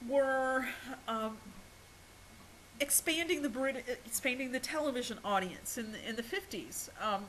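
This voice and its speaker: A woman's voice: fairly high pitch, a bit bright, slight background noise, rough recording. Hesitant woman lecturer with frequent ums. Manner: hesitant, many ums and restarts, laughs at herself. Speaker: college lecturer. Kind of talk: recorded video lecture.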